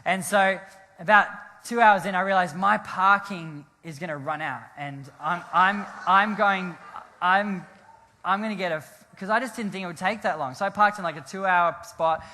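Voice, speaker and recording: Bright-voiced pastor in a reverberant hall. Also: male voice, high voice, moderate pace, slight background noise. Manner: animated, rambling anecdote with frequent laughs and restarts. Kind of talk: storytelling sermon.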